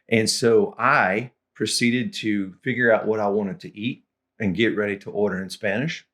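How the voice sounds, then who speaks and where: Relaxed, low-voiced tutor. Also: male voice, moderate pace. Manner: relaxed, chuckling, clears throat now and then. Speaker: language tutor. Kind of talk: anecdotal lesson storytelling.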